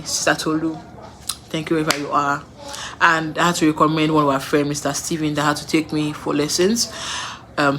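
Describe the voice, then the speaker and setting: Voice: mid-range voice, fairly bright tone, a little hiss or hum. A young adult with a Nigerian accent tells personal stories in a casual way, repeating words for emphasis and laughing between sentences. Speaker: vlogger.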